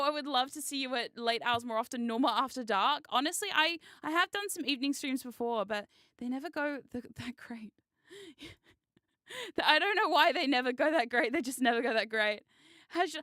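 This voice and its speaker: A woman streamer chatting casually on a live stream, excitable and giggly, swearing freely. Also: a little high, moderate pace, clean tone, no echo, clean studio sound. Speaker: VTuber streamer.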